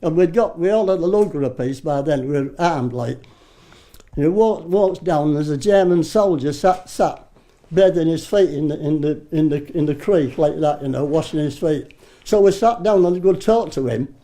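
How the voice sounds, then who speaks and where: A British war veteran in his nineties reminisces casually in an interview, rambling through old war stories at a normal pace. He swears freely and keeps restarting sentences, his voice a little high for a man with a dark, mellow tone.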